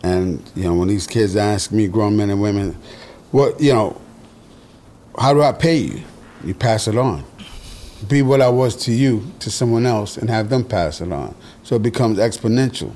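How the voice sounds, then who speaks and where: A low-voiced man talks bluntly and steadily as a podcast guest. His delivery is direct and unhurried, with a light background hiss. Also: dark tone. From New York. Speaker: guest, producer and author. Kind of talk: reflective podcast conversation.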